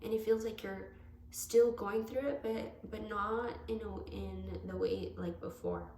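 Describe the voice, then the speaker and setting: Slow, gravelly-voiced woman tarot reader. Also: mid-range voice, lively intonation, darkish tone. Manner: rambling, self-correcting, affectionate. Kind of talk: casual tarot reading to camera. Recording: echoey room with faint background noise.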